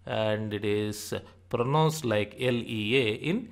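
A man teaching an alphabet lesson, saying each sound and example word slowly and repeating them. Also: medium pitch, animated. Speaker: language teacher. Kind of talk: slow spoken alphabet lesson.

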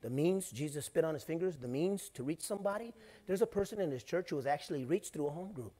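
Middle-aged pastor guy preaching, chatty, gets loud then goes quiet, kinda high voice. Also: expressive, fast talker. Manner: conversational preaching, swings between loud and hushed. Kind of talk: sermon.

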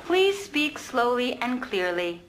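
A woman voicing a voice-activated elevator that speaks in a calm, measured, polite way. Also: fairly high pitch.

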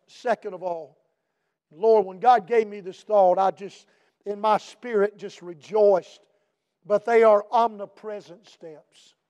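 A middle-aged man preaching a sermon as pastor, building to shouted emphatic refrains and dropping back to quieter teaching. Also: high voice, clear, resonant tone, highs cut off.

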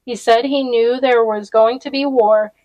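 A woman reading aloud, voicing an earnest young boy who speaks urgently and often in a hushed voice. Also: on the high side, fairly even intonation, a little slow, no echo, lightly acted, low-quality recording. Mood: firm.

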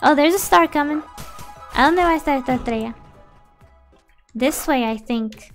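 High-voiced bilingual woman gaming streamer. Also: normal speed. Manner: chatty, switches between English and Spanish, excitable outbursts. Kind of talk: casual gaming stream chat. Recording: faint background music.

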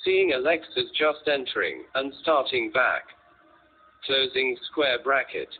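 A husky male audiobook reader giving the stage directions flatly. He reads slowly, and the sound is narrow, like a phone line. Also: mid-range voice. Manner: flat delivery that speaks even the bracket marks. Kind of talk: reading names and stage directions.

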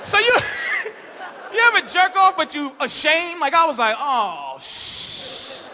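A man doing a crude, rambling stand-up comedy set on a live stage, shouting his punchlines and acting out voices. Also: very high-pitched, lively intonation, moderate pace, a crowd in the background, background noise.

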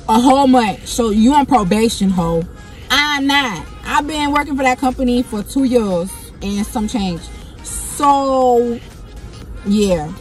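A young woman vlogger telling a story in a blunt, profane and animated way, often going off on tangents. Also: a little high. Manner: blunt, profane and animated, keeps getting sidetracked. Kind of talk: casual storytime monologue.

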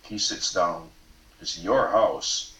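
A man, the author, reading aloud from his novel at a live event, expressive and casual, sometimes swearing and laughing at his own lines. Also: deep voice, slow pace. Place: event stage before an audience. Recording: roomy hall, mic from far off.

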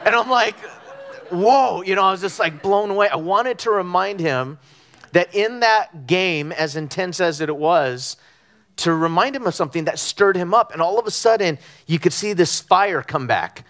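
A middle-aged man from Southern California preaching a conversational sermon, telling animated stories with frequent ums and restarts. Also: high voice, normal speed. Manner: animated storytelling with frequent fillers. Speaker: pastor. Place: church sanctuary.

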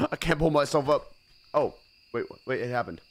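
A man's voice: a little high, animated, moderate pace. A man streaming a horror game, giving casual commentary with jittery, nervous exclamations.

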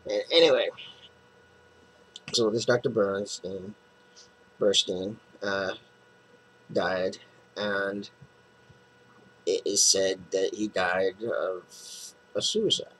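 A man with a lowish voice talks slowly through a comic book's plot in a loose, rambling way. He keeps stopping to restart sentences and fill gaps, with a faint hiss of noise under him. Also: steady tone, fairly bright tone, poor audio. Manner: rambling, full of fillers and restarts. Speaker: comic book reviewer. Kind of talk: casual plot recap.

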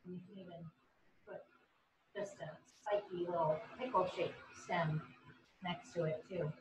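A woman's voice: fairly low pitch, steady tone, a little slow, background noise. A woman teaching an online painting class on a video call, chatty and encouraging. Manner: chatty, encouraging, bubbly when praising. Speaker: painting instructor.

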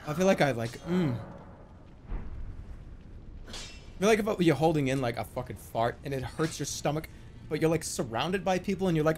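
A man's voice: fairly high pitch, expressive, normal speed, pauses often, a little mellow, a little hiss or hum. A man in his thirties streaming a game, ranting and swearing in exasperation as he plays. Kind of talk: live gaming commentary. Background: faint game music.

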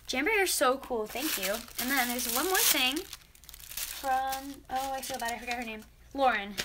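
A woman's voice: high-pitched, moderate pace, background noise. A teenage girl vlogger opening fan mail, chatty and gushing as she reads letters aloud. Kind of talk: casual mail-opening vlog.

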